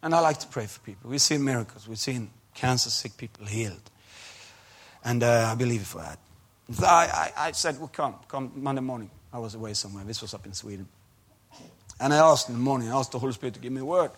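Speaking fast and animated at a medium pitch, a man delivers a sermon and testimony. His English phrasing is non-native, and he swings from soft storytelling to booming emphasis.

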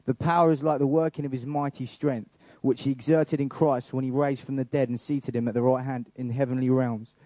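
A man reads scripture aloud with a mellow, dark voice at a middle pitch. He reads carefully and sometimes restarts a word. The recording is dry. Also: fairly even intonation, brisk, few pauses, dry recording. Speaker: scripture reader.

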